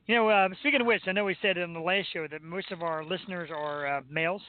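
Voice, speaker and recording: A man's voice: high-pitched, quick pace. A man hosting a live talk show in a joking, rambling way and laughing often. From Philadelphia, US. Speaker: podcast host. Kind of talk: casual live show chat. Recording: tinny phone-like sound.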